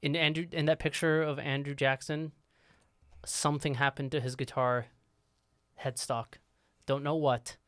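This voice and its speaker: A man's voice: on the high side, level tone, measured pace, long pauses, fairly bright tone, no echo. A man co-hosting a live song review stream, answering in short, dry, teasing remarks. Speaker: co-host. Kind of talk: casual live-stream chat.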